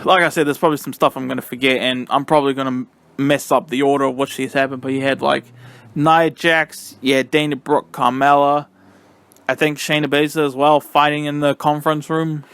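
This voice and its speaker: A young man casually reviewing a wrestling event, excitable and rambling with lots of fillers. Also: a little high, brisk, clean tone, no room sound.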